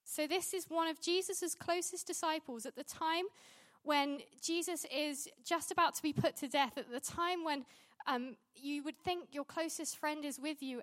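A woman preaching a sermon in a conversational way, often restarting sentences and laughing at herself. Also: high voice.

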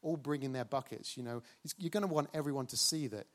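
A man preaching a sermon, dramatic, slowing for emphasis and returning to a rhetorical refrain. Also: medium pitch.

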